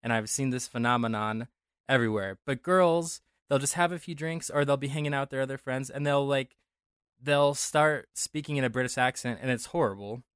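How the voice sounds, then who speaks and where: Brisk and medium-pitched, a bit bright with a clear, resonant tone, a young man from Denver, USA co-hosts a relaxed podcast conversation. He rambles, self-corrects and jokes; there's no room sound, and the studio audio is clean.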